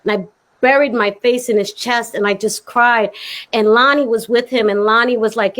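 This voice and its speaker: Animated woman telling a story. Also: fairly high pitch, normal speed. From Brooklyn. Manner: expressive, laughing storyteller. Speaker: guest, actress. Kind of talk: animated anecdote in conversation.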